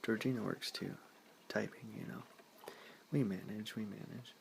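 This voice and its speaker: In a whispered role-play reading, a man voices a polite, settled young husband. The hushed voice sits low and crackles with heavy fry. The tone stays soft and courteous throughout. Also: moderate pace.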